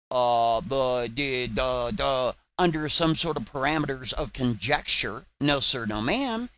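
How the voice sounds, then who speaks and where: A man's voice: fairly high pitch, bright, forceful tone. A man hosting his own channel, delivering a combative, sarcastic rant full of repeated taunts. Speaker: channel host. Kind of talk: ranting livestream commentary.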